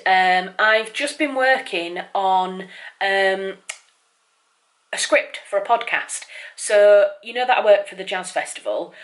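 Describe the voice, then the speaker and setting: A woman's voice: medium pitch, fairly bright tone. A woman, a writer, chatting casually to camera in a vlog, rambling with lots of fillers and sounding a bit apologetic. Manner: apologetic and self-conscious toward viewers. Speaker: writer and vlogger.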